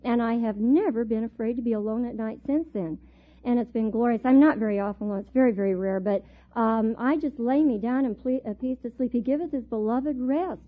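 A middle-aged woman with a fairly high voice teaching a Bible class. She tells her stories in an animated way and laughs often. The recording is thin and tinny, like a phone line. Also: fairly quick. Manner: animated storyteller, laughs often while telling.

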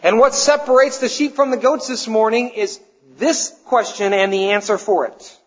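Guy preaching a sermon, kinda high voice, goes loud then drops quiet, muffled church echo. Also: steady tone. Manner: emphatic preaching, swinging between loud declarations and hushed, slow questions. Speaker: pastor.

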